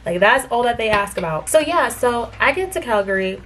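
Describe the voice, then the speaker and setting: A woman's voice: a little high, expressive, fairly quick, fairly bright tone, slight background noise. A young woman from the United States telling a travel story to her vlog audience in a chatty, filler-heavy way, recounting conversations with indignation, speaking from a hotel room. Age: young adult. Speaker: vlogger. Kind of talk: casual storytelling to camera.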